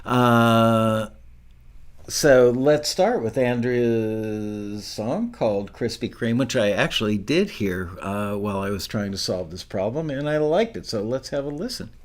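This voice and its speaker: A man's voice: medium pitch, unhurried. Laid-back man chatting on a live stream. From Southern California. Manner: relaxed, self-deprecating, rambling. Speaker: show host. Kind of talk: casual live-stream chat.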